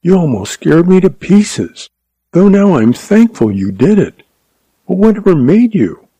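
A man's voice: high-pitched, sing-song, unhurried, mellow, husky, no echo, voice pushed up, exaggerated voice. A man voicing a breathless young bride. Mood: relieved. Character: young woman, relieved and newly married.

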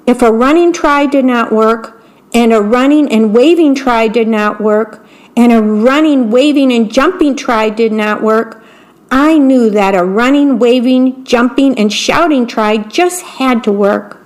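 A woman's voice: on the high side, measured pace, natural voice. A woman voicing a patient, encouraging male frog in a children's storybook reading. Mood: calm. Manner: calm, encouraging.

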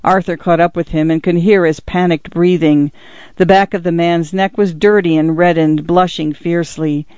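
A man narrates a tense literary story in a measured, dramatic way. His voice sits fairly high for a man. The recording is dry and close, with a slightly muffled, dull tone. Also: fairly even intonation, darkish tone, smooth, dry recording. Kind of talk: audiobook narration.

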